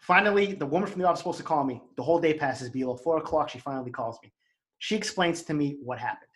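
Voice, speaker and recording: A man with a Boston accent tells a story at a rapid clip, his voice sitting a little high for a man. He talks in a heated, profane rush, acting out both sides of the exchange. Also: a bit bright. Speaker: co-host telling a story. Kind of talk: casual storytelling chat.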